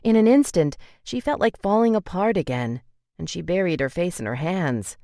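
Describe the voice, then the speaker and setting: A woman's voice: lowish voice, expressive, moderate pace, mellow, no room sound, studio quality. A woman narrating a romance audiobook in an emotive way, voicing the tearful heroine's lines with feeling.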